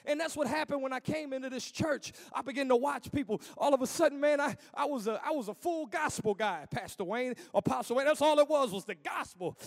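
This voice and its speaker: A man preaching a sermon as pastor, impassioned, rising to shouts and dropping low, in an informal church preaching cadence. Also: brisk, creaky, few pauses. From United States.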